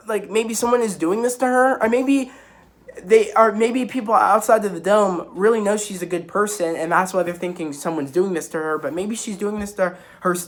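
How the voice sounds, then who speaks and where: A young man at home, excitedly recapping a TV episode to camera in a loose, rambling way full of restarts and fillers. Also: sits high. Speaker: YouTuber reviewing a TV episode. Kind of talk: casual spoiler recap to camera. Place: at home with kittens around.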